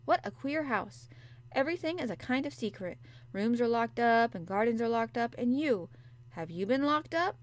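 A woman's voice: on the high side, animated, moderate pace, no room sound, pitched above the performer's own voice, natural voice. A woman voicing a curious, blunt young girl who asks eager, questioning lines. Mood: mystified. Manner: eager, questioning, a little breathless.

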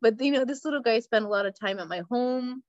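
A woman's voice: a little high, fast talker, dry recording, highs cut off. A woman co-hosting a casual podcast chat, telling a story with lots of swearing and laughter. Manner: profane, storytelling, laughs often. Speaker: podcast co-host.

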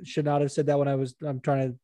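A male podcast co-host chats casually, rambling, swearing freely, getting animated and slipping into regional accents. His mid-range voice is warm and mellow, and he talks fast. The recording is dry, close and free of echo.

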